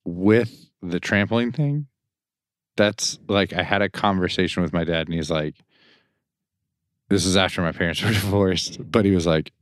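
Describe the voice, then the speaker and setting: A man's voice: sits low, moderate pace, no room sound, studio quality. A man co-hosting a podcast in casual chat, telling rambling stories and swearing freely. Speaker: podcast co-host.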